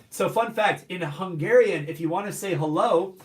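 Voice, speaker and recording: Upbeat guy running a live q&a, higher voice, echoey room, mic kinda far. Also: a little slow. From United States. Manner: upbeat, greeting viewers by place. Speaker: host. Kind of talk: live stream Q&A. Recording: roomy echo, off-mic.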